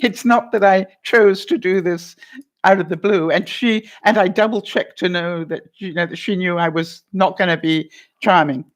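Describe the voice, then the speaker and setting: A woman's voice: on the low side, moderate pace. A woman vlogger chatting casually to viewers and answering their comments, telling stories and laughing often.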